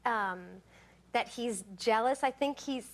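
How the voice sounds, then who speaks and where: Woman, talk show guest, giggly, hesitant, fillers, somewhat high voice, studio audience behind. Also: takes it slowly. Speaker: actress guest. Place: television studio. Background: studio audience laughter.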